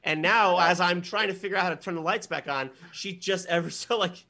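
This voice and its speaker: A man in his thirties, a podcast guest, telling comic stories in an animated way, swearing and acting out voices. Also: high voice, fairly quick. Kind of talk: comedic storytelling.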